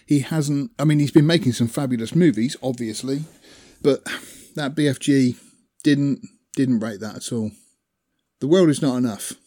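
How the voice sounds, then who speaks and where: A man's voice: mid-range voice, moderate pace, mellow. A man chatting casually about films he has watched, rambling with fillers and small laughs. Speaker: film reviewer. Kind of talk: casual film chat.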